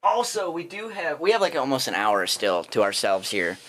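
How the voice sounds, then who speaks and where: A man's voice: medium pitch, big pitch swings, normal speed, a bit bright. A man co-hosting a livestream, chatting casually in a rambling way and laughing often. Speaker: livestream co-host. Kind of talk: casual stream chat.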